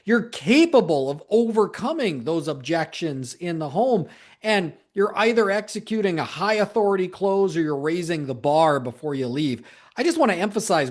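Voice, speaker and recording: A man coaching salespeople in a solo talk, emphatic and repeating key points for stress, with the odd joking aside. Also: fairly high pitch.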